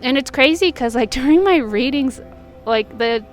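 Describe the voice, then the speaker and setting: A woman's voice: high-pitched, lively intonation, moderate pace. A woman who does intuitive readings and healings, talking candidly and emotionally in a personal vlog. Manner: earnest, confessional, emotional. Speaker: intuitive healer and reader. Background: faint music from a neighbor.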